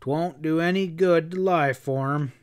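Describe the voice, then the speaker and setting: A grim, angry leader of a frontier posse, played by a man reading aloud speaks in blunt, threatening folksy words. The voice sits a touch high. It reads like a storybook western. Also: measured pace, smooth, close to an everyday voice.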